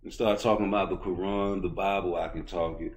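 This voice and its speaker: A middle-aged man with a Baltimore accent and a very low voice holds forth on boxing in blunt, profane street talk. He swaggers through his opinions and gets louder when he is heated. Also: steady tone, brisk. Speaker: boxing commentator on YouTube. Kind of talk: casual opinion rant.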